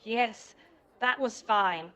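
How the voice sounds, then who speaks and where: Slow, calm woman friend at a café, voiced by a woman. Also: a little high. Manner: polite, simple phrases.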